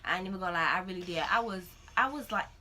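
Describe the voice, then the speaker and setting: A young woman tells a story in a casual vlog. Her voice is bright and clear, and she acts out the lines of others, jumping high when she quotes herself. Faint noise sits behind her. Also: rapid-fire. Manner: animated, acts out her own crying in high-pitched quotes. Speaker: vlogger.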